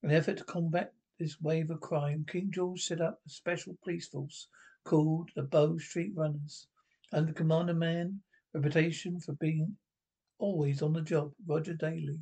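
A man's voice: fairly high pitch, level tone, normal speed, vocal fry, warm tone, breathy edge. A man reading a film script aloud in a plain voice, with occasional slips and asides. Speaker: script reader.

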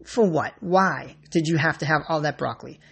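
A grocery worker rants straight to the camera, blunt and fed up, dropping curse words freely. The voice has a gravelly, creaky edge and a husky, slightly raspy grain. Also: medium pitch, moderate pace, a bit bright. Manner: blunt, exasperated, swears freely. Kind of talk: ranting monologue to camera.

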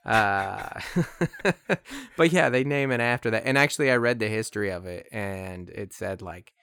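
A man's voice: fairly low pitch, expressive, vocal fry, fairly bright tone, clean tone, dry recording, studio quality. A man hosting a podcast, chatting casually, joking and laughing easily. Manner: joking, quick to laugh, acts out people in stories. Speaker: podcast host. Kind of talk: casual chat.

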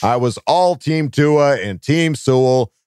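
A man hosting a casual podcast, excitable and profane, in hyped fan banter. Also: medium pitch, slow pace, smooth, no room sound, studio quality. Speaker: podcast host. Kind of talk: casual chat.

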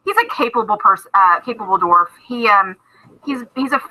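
A woman's voice: medium pitch, animated, normal speed, pushed and bright, low-quality recording. A woman narrating a tabletop game as game master, chatty, with many fillers and restarts.

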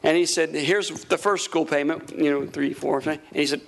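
A man preaching a sermon, telling a story with lively acted-out quotes and frequent laughter. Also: on the high side, normal speed, gravelly. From Florida. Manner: animated, acts out quotes, laughs often. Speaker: pastor.

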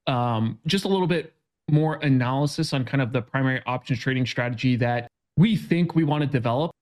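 A man's voice: mid-range voice, a little mellow, smooth. Laid-back joking man, casual podcast chat. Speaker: options trading guest expert.

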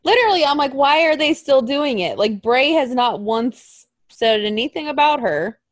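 Woman, casual chat, sarcastic, animated, fairly high lively voice, dry close sound. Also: normal speed, no room sound. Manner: animated, sarcastic, acts out quotes in exaggerated voices, laughs often.

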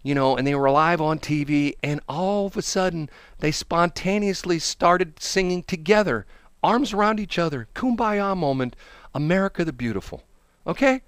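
A man's voice: sits high, normal speed, clean tone, dry recording. A man hosting a casual talk show, rambling through opinionated stories with asides. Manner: rambling, animated storytelling with laughs and asides.

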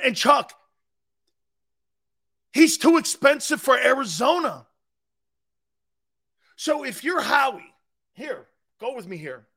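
A middle-aged man hosting a sports talk show, arguing his takes in an emphatic, opinionated way with little chuckles. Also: high-pitched. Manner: animated, emphatic, argumentative with chuckles.

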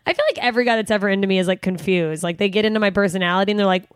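A young woman co-hosting a podcast, animated and laughing in profane casual chat. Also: medium pitch, racing, clear, resonant tone, no room sound, studio quality. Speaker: podcast co-host.

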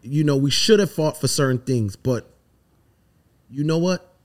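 A man's voice: a little high, lively intonation, a little slow. A middle-aged man from the Virgin Islands, a songwriter guest talking emphatically and from the heart in a casual podcast interview.

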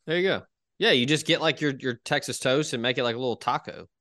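A man's voice: medium pitch, fast talker, fairly bright tone, dry recording, studio quality. A man hosting a casual chat podcast, upbeat and steering the talk with questions. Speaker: podcast host.

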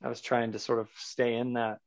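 Creaky-voiced man telling his story. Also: mid-range voice, flat delivery, fairly quick, no room sound. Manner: earnest, searching, loose with fillers. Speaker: podcast guest. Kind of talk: personal storytelling in an interview. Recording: dull lo-fi sound.

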